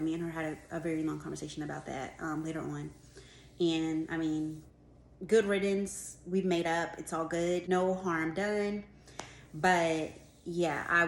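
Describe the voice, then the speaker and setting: A woman in her twenties telling a work story in a casual storytime vlog, animated and full of "like", acting out what others said. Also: lowish voice. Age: 20s. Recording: roomy room with faint background noise.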